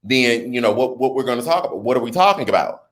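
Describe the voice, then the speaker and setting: A man hosting a casual livestream, reading viewer comments and chatting with his audience in an animated, talkative way. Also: mid-range voice, fast. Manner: chatty, animated, talks straight to his chat. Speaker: livestream host.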